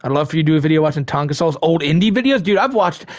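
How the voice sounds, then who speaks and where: Streamer host, male, high-ish voice, dry close sound; loose, profane, rambling chat with frequent laughs. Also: lively intonation, rapid-fire, dry recording. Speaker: live streamer reading chat. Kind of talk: casual live-stream chat.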